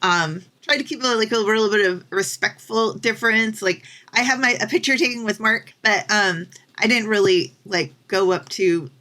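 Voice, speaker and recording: A young woman co-hosting a podcast, chatting casually with lots of fillers and lively quoted voices. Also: medium pitch, normal speed. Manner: chatty, many fillers, animated when quoting people. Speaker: podcast co-host. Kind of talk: casual chat.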